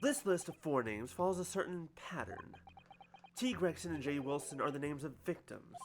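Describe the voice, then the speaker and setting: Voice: medium pitch, lively intonation, moderate pace, a little hiss or hum, lightly acted. A streamer voicing an earnest young male defense lawyer, with emphatic, indignant outbursts, while reading a game's dialogue. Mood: determined. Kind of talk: voicing game characters on a livestream.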